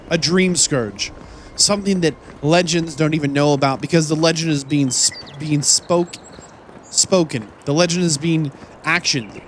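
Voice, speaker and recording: A man's voice: on the high side, slight background noise. A man hosting a game playthrough, commentating as he plays and launching into mock-indignant, theatrical rants at enemies. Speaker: let's play host. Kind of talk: gameplay commentary.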